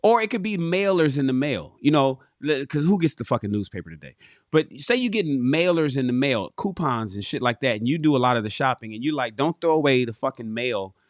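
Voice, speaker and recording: A man's voice: medium pitch, brisk, no room sound, studio quality. A man hosting a livestream, reading a book aloud and breaking off to curse and talk straight to his chat. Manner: profane, animated, talks straight to viewers and chat. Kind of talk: casual livestream reading with commentary.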